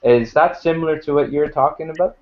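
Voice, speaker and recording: A man's voice: fairly high pitch, brisk, narrow, tinny audio. A man in a casual podcast conversation, explaining a practice step by step.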